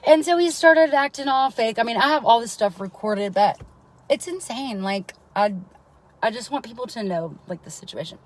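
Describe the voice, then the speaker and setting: A mother with a fairly high, animated voice speaks at a moderate pace, heard through poor audio. Her live-stream story is long and rambling, peppered with swearing and asides of "right?" to listeners.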